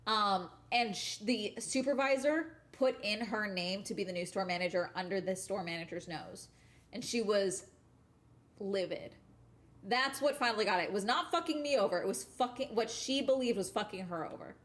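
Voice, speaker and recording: A woman's voice: mid-range voice, expressive, normal speed. A young woman telling a work story in a casual vlog rant, swearing constantly and often ending sentences with "okay?". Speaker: vlogger.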